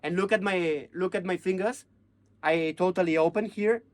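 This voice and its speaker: A man teaching hand-drum technique, chanting drum syllables and counting beats in halting. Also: high voice, dry recording, faint music behind. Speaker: percussion teacher. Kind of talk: hands-on music lesson.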